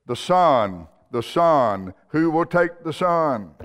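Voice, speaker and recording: A man's voice: fairly high pitch, sing-song, slow, a bit bright, full character voice. A man playing an insistent auctioneer. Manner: insistent, formal. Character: persistent male auctioneer. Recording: long hall reverb.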